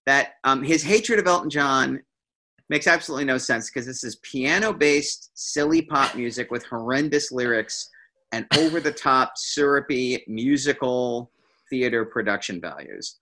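A man co-hosting a casual music podcast, talking in an excitable, ranting way. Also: medium pitch, normal speed. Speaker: podcast co-host. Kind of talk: casual chat about music.

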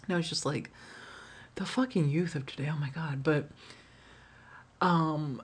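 Pausing often and speaking a little slowly, a woman with a low-pitched, breathy-edged voice hosts a solo podcast. She recounts candid, profane stories full of "like," with frequent laughter and trailing restarts.

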